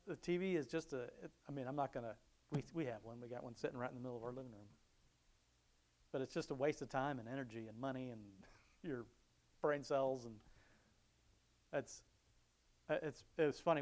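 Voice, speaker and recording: A man's voice: medium pitch, a little mellow. A middle-aged man giving a casual devotional talk, rambling, chuckling often and restarting his sentences. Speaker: Christian speaker.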